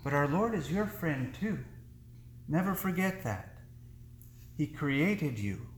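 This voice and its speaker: Slow, earnest preaching man in echoey church. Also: fairly high pitch, big pitch swings, a little hiss or hum. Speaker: priest. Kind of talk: sermon.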